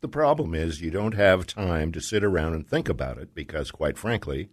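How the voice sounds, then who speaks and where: An older man, a retired podcast guest, answering questions in a relaxed, halting way with frequent ums. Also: deep voice, no room sound, clean studio sound. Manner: relaxed and halting, with many fillers. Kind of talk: casual interview.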